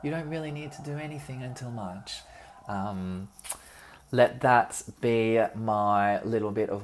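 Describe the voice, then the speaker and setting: A young woman hosting a casual solo podcast, chatty and cheeky, swearing freely with lots of ums, recorded in an apartment. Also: rumbling low. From Australia. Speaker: podcast host. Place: friend's apartment.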